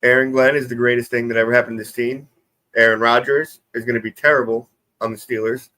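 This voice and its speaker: A man's voice: mid-range voice, level tone, quick pace, bright, forceful tone. Laid-back, joking male co-host. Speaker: regular co-host. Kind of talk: casual chat.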